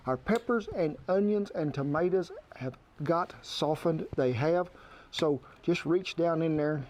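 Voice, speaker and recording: A man's voice: fairly high pitch, measured pace, darkish tone, a little hiss or hum. Folksy man cooking outdoors. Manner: folksy, homespun talk. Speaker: outdoor cook. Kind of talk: cooking demonstration.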